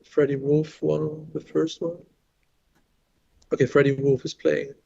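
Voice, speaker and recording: Commentating on a live board game match, a French-accented man talks in a loose, unhurried way, thinking aloud and often restarting his sentences. His voice is dark and gravelly with a flat, even pitch. The recording sounds a little dull and lo-fi.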